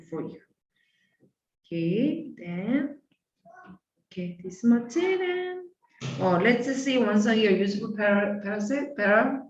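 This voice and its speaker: A woman's voice: mid-range voice, echoey room, recorded from a distance, dull audio, a little hiss or hum. A woman with a Korean accent teaching a beginner language class, repeating phrases and checking in with her students. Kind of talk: online language lesson.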